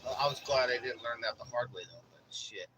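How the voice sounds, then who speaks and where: A young man tells a story in a loose, rambling way, swearing constantly and tossing in bro. His voice sits at a middle pitch. Faint noise hums behind him. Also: brisk, pushed and bright, poor audio. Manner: profane, rambling, says bro a lot. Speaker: vlogger. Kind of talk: casual storytelling.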